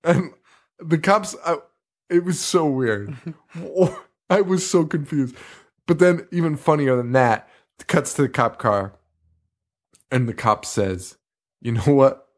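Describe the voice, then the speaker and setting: A man's voice: a little high, lively intonation, takes it slowly, pauses often. A man co-hosting a podcast, rambling through a movie review in casual chat and swearing freely in exasperated, sarcastic asides. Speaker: podcast co-host.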